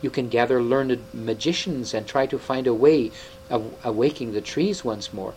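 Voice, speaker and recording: A man's voice: medium pitch, normal speed, a little mellow, slight background noise, natural voice, low-quality recording. A man voicing an old male half-dwarf scholar, wise and sorrowful, speaking in a grave and tender way. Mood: earnest.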